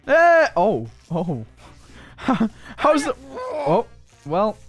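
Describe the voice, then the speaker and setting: Lively high-voiced young man gaming host. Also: normal speed, dry recording, soft background music. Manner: playful, teasing, exclamatory. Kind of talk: excited gameplay commentary.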